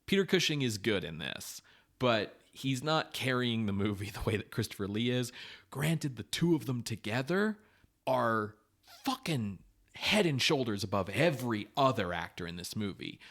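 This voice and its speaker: A man co-hosting a podcast in casual chat, animated and swearing, often acting out what people say. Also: mid-range voice, moderate pace. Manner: animated, swearing, acts out quotes. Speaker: podcast co-host.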